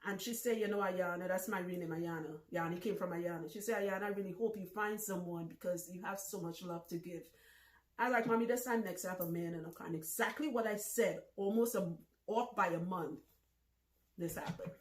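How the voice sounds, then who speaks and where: A woman in her thirties hosting a casual vlog, talking loudly and bluntly and laughing often. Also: on the low side, brisk. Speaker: vlog host. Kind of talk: casual talk to camera. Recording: echoey room.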